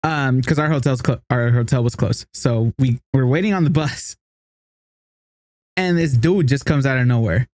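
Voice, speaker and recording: A man co-hosting a casual podcast, telling a story with lots of laughter and acted-out quotes in a higher voice. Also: moderate pace, darkish tone, dry recording. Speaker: podcast co-host.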